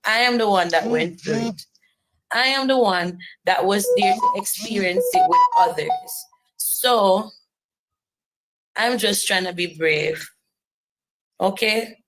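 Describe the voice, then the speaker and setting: A woman's voice: mid-range voice, slow pace, pauses often, background noise. A woman giving earnest personal testimony, driving points home by repeating phrases.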